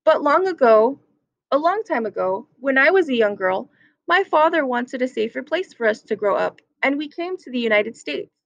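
A gentle, proud great-aunt in her eighties tells her story in a calm, earnest way, voiced by a woman reading a picture book aloud. The voice sits high. The recording sounds dull and lo-fi, with a dry, close sound. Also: normal speed, dry recording.

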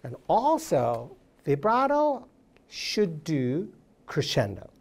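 A woman's voice: low voice, wildly swooping pitch, slow. A woman giving a violin masterclass, encouraging her student in short coaching phrases and humming passages to show how they go. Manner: hums and sings phrases to demonstrate. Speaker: violin teacher. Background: violin playing.

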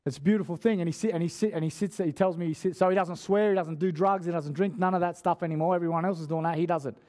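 A man's voice: sits high, fairly even intonation, racing, darkish tone. Chatty man preaching. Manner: chatty, slangy, restarts often. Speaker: guest preacher. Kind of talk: casual sermon storytelling. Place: church.

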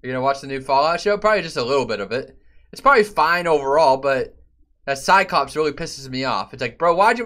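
Lively bright-voiced male streamer. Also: high voice, quick pace. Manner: loose and profane, bursts into loud outbursts. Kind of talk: casual live-stream chat.

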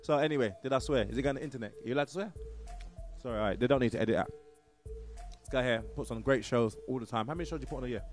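A man of middling pitch rambles cheekily to camera, plugging a comedy night and swearing as he goes. Faint music sits behind him. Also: racing. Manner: rambling, cheeky, swears, talks with his mouth full. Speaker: comedian promoting the show. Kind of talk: casual chat to camera.

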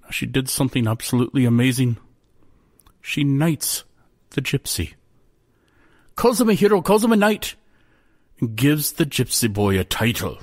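A man telling a folk tale in a folksy, animated way. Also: mid-range voice, moderate pace, pauses often. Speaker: storyteller.

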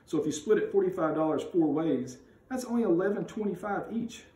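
Man reading as a bossy competitive young girl, indignant, high lively voice, roomy room. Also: brisk. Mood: lecturing. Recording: roomy sound, mic at a distance.

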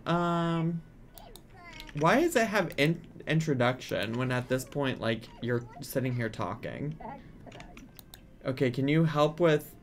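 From his home apartment, a male gaming channel host runs a casual let's-play, chatting playfully and ordering his game characters around. His voice is medium in pitch, with slight background noise behind it.

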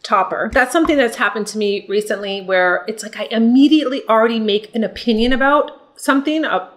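A woman's voice: on the high side, a little fast. An older woman chatting through a makeup tutorial, encouraging viewers she calls ladies. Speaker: beauty vlogger. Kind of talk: casual makeup tutorial chat.

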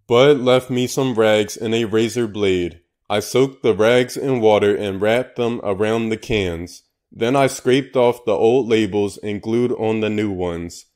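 A man's voice: lowish voice, a little slow, darkish tone. A man narrating an audiobook in a dry, matter-of-fact manner. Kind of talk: scripted narration.

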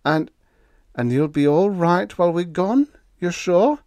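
A man's voice: high-pitched, lively intonation, measured pace, a little mellow, no room sound, voice pushed up. A man doing a stiff, stammering young lieutenant. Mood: anxious. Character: earnest, stiff young male ship lieutenant.

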